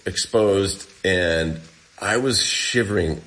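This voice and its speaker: A man with a very deep voice tells his story as an interview guest. He talks in a loose, casual way, full of fillers, and his pace shifts between rushed and drawn out. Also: a bit bright. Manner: casual storytelling, many fillers, speeds up and slows down. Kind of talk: recounting a personal ordeal.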